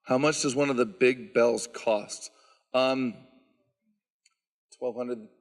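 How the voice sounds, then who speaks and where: A man's voice: medium pitch, takes it slowly. Man talking in a reverberant church. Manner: explanatory, relaxed, lots of "um" fillers. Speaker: bell choir director. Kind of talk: Q&A with concert audience. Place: church sanctuary.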